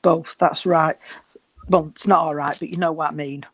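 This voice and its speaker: Guy doing a medium reading, soft and reassuring, a bit out of breath, dry sound. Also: on the high side, steady tone, moderate pace, no echo. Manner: gentle, reassuring, calls people sweetheart. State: short of breath. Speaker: spiritualist medium. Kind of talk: giving a reading at a service.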